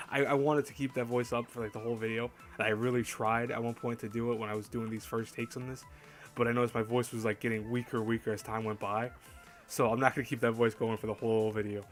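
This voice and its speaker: A man hosting an anime countdown in casual chat, rambling and correcting himself as he goes. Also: medium pitch. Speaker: host. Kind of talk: casual anime list commentary.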